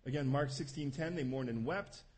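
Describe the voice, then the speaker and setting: A man preaching a sermon, animated, acting out scenes with voices. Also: mid-range voice, normal speed. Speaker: pastor.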